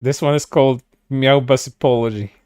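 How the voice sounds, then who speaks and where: A man hosting a commentary video, talking casually with halting restarts and amused laughs. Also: medium pitch, steady tone, darkish tone, clear, resonant tone, dry recording, studio quality. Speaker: commentary host.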